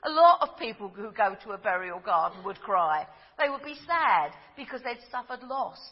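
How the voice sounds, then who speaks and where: A middle-aged woman, preaching a sermon in a gentle storytelling manner that drops to a hush at tender moments. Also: mid-range voice, big pitch swings, moderate pace, breathy edge, long reverb tail, lo-fi sound.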